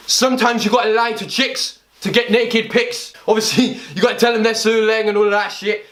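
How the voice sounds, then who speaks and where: A young man with a London accent who raps comic lines and then explains them in heavy street slang with a deadpan delivery. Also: high-pitched, moderate pace, hardly any pauses. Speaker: comedy video creator. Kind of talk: comedic rap with spoken explanations.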